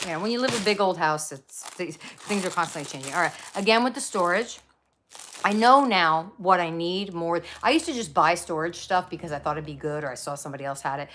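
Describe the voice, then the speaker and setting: Middle-aged woman, low voice, chatty rambling home vlogger, faint background rustle. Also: a bit bright, a little hiss or hum. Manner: chatty, rambling, lots of fillers and side stories. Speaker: craft vlogger. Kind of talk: casual rambling haul vlog. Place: home craft room.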